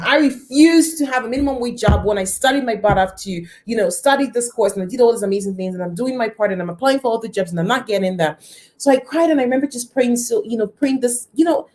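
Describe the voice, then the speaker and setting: A woman in her thirties shares a personal turning point with viewers of her live stream. Her voice sits on the higher side, and she lets it jump up for emphasis and drop low for the quiet moments. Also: fast talker. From lives near Toronto. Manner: animated, greets viewers by name, dramatic pitch swings.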